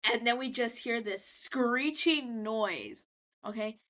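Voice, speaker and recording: A slightly tipsy woman chats her way loosely through a recap as she doodles. Her voice sits a bit high and rings sharp and bright. She swears freely and jumps in and out of characters' lines on the fly. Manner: chatty and profane, acts out characters' lines in quick bursts. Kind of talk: casual rambling recap while drawing.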